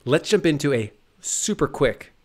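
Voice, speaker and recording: A man's voice: a little high, big pitch swings, a little slow. A man co-hosting a podcast in casual, upbeat chat, joking around with energy. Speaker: podcast co-host.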